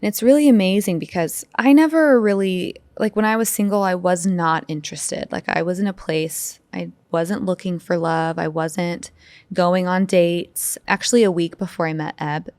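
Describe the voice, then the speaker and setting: A woman speaking as a podcast guest, telling stories in an open, animated way with lots of fillers. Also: fairly low pitch, moderate pace, no room sound. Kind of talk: casual interview conversation.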